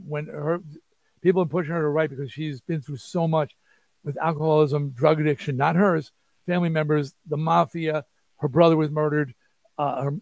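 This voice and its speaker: A man, telling an animated, rambling story as an interview guest and acting out quotes. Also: on the high side, creaky, dry recording. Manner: rambling, restarts, acts out quotes. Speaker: interview guest, rock singer.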